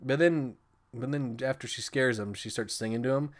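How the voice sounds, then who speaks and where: A man's voice: mid-range voice, moderate pace. A man hosting a film podcast, retelling scenes in a rambling, profane, casual way with frequent laughs. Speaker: podcast host reviewing films. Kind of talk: casual movie recap.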